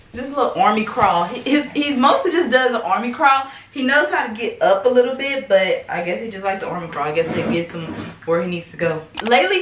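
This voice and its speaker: An American vlogger mom gives a casual update at home, chatting to viewers and talking to her baby between remarks. Her voice is mid-range with a fairly bright tone, and the roomy, somewhat distant recording carries a little hiss or hum and faint ambience.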